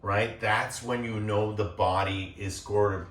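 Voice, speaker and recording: A man teaching a gentle yoga class, guiding calmly as he demonstrates the poses and checking in with the class as he goes. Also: on the low side, a little slow, recorded from a distance. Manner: calm, demonstrating as he talks, checks in with "right?". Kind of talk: guided yoga class instruction. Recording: echoey room, voice off-mic.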